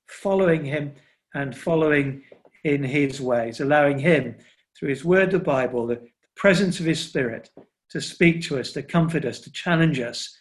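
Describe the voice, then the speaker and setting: A middle-aged man preaching a sermon to his congregation, earnest, often voicing Jesus speaking directly to his listeners. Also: a little high. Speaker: pastor.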